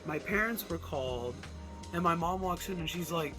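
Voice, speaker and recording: A man's voice: on the high side, moderate pace. Young man telling a storytime over music. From Alaska, USA. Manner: animated, swearing, acts out quotes and punches with sound effects. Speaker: vlogger. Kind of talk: casual storytime narration.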